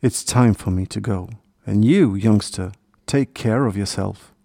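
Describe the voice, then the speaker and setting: A man voicing a big, cheerful and gentle male deer in a storybook, speaking in a friendly, reassuring way. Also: on the low side, a little slow, gravelly, no room sound, studio quality. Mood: kind. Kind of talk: storybook character voice.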